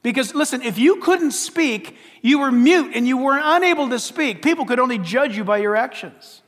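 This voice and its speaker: A man preaches as pastor from the pulpit in an extremely high, animated, fairly bright voice at a moderate pace. The sermon is emphatic and rich in rhetorical questions, and the church sanctuary adds long reverb.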